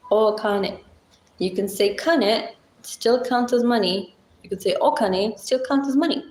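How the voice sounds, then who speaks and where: This livestream host is a woman whose mid-range voice has a slightly mellow quality. In an echoey room, she chats casually with her viewers and wanders through simple language explanations, leaning heavily on fillers.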